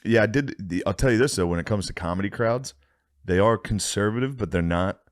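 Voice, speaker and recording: A man co-hosting a podcast, a stand-up comedian in casual banter, crude and deadpan, acting out crowd voices. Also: lowish voice, a little fast, dry recording, studio quality.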